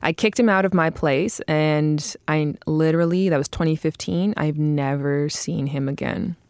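A woman in her thirties telling a story in casual chat, animated, acting out quotes and laughing often. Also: sits low, moderate pace, clear, resonant tone, no echo. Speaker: guest.

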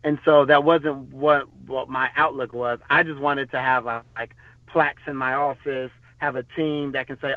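A man's voice: medium pitch, fairly even intonation, normal speed, no echo. A man, a podcast guest, telling stories in a loose, rambling way with many fillers and restarts. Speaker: podcast guest, former bodyguard. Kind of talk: casual storytelling interview. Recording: tinny phone-line sound.

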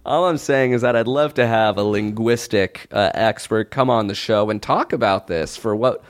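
A man's voice: fairly low pitch, moderate pace, dry recording, studio quality. A man co-hosting a comedy podcast, chatting casually with frequent laughter and joking riffs. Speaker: podcast co-host.

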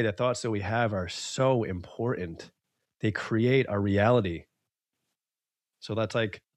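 A man's voice: medium pitch, dry recording. A man hosting a podcast, talking in an earnest, emphatic way and circling back over his points. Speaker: podcast host. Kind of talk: casual podcast conversation.

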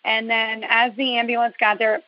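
A woman's voice: a little high, level tone, moderate pace, no room sound. A woman from New Jersey calling in to a show, telling a long story in a rambling, detailed way with a dash of sarcasm. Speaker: caller. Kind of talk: phone-in storytelling. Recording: dull, dry lo-fi call audio.

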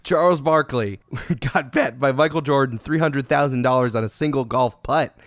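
A man's voice: medium pitch, normal speed, no room sound, clean studio sound. A man co-hosting a podcast, teasing his co-host in mock outrage and giggling through his reading. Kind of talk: casual banter and story reading.

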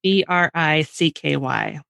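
A woman's voice: low-pitched, slow pace, creaky, fairly bright tone, no room sound. A woman co-hosting a podcast in casual chat, dry and matter-of-fact, reading out definitions. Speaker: podcast co-host.

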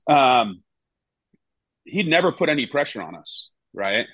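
Man telling animated football stories. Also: mid-range voice, measured pace, slightly rough, no echo, muffled recording. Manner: animated storyteller, acts out coaches in raised voice. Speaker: former goalkeeper, guest. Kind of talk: casual interview storytelling.

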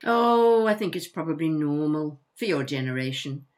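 Brief: actress as older mum, chatty and blunt, tripping over words, lively intonation. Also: female voice, sits low, normal speed. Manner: animated, stumbling over words when flustered. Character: chatty older mother, outspoken, quick to apologize. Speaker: mother. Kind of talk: audio drama dialogue.

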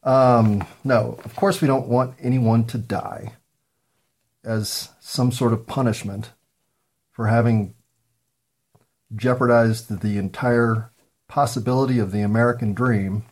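A man hosting a solo talk show, rambling through jokes and musings with many ums and pauses while high. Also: a little mellow. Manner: meandering, joking asides, frequent ums and pauses. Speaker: podcast host.

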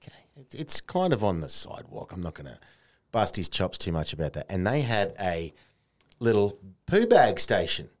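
An Australian man hosts a relaxed podcast chat. He tells stories with lots of slang, and his pitch swoops up and down all the time. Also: moderate pace. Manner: animated storyteller, colourful slang. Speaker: podcast host. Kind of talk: casual chat.

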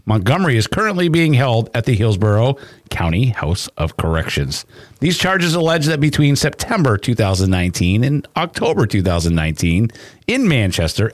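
Low-voiced man chatting. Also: no echo, clean studio sound. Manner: chatty, reads news aloud with asides. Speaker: podcast co-host. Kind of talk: casual true-crime chat.

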